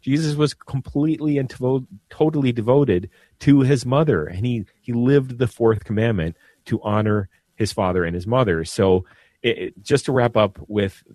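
A man's voice: medium pitch, moderate pace, warm tone, no echo. A man, a Catholic priest, speaking earnestly on a radio talk show and giving a blessing, with frequent repeated words.

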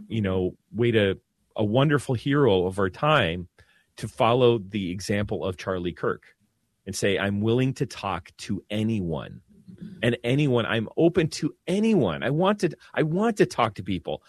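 Man, Catholic priest, earnest casual talk, animated pitch, dry sound. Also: no echo. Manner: earnest, animated, many restarts. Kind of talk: casual religious discussion.

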